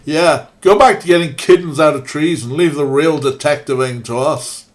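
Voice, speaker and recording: A man's voice: on the high side, moderate pace, close to an everyday voice. A man voicing eager, cocky young monster hunters with a put-on American Midwest accent. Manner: boastful, chummy.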